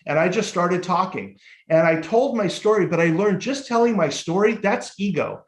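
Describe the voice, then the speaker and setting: A man's voice: high-pitched, moderate pace. Candid man telling his story, echoey room. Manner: lively and candid, casual swearing. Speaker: guest, motivational speaker and life coach. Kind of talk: storytelling in a casual podcast interview.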